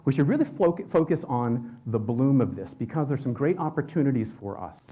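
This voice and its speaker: A man's voice: medium pitch, lively intonation, brisk, mellow, breathy edge. A man presenting for a state environmental agency, talking in a conversational way with frequent restarts and self-corrections. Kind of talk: educational presentation.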